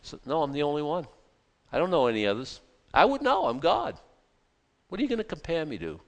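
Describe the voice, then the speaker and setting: A man's voice: on the high side, sing-song, a little fast, gravelly. A man voicing God as a male figure in a sermon, speaking in a breezy, offhand, everyday way. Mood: emphatic. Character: God, male, casual and reassuring.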